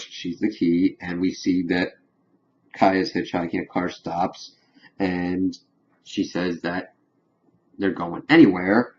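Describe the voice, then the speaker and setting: A man's voice: deep voice, highs cut off. A man casually recapping a TV episode as a reviewer, rambling along with lots of "of course" and "kind of".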